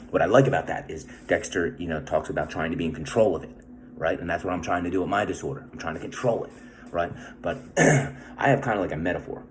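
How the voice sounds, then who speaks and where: Male vlogger, deep-ish, loose and rambling, swears freely. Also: darkish tone, slight background noise. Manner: rambling, profane, constant tag questions. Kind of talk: casual monologue.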